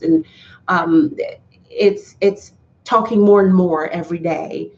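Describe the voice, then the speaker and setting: A woman talking to her viewers in a casual live stream, heartfelt and earnest, often restarting her sentences. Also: medium pitch. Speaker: YouTuber talking to live chat. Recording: slightly dull, lo-fi sound.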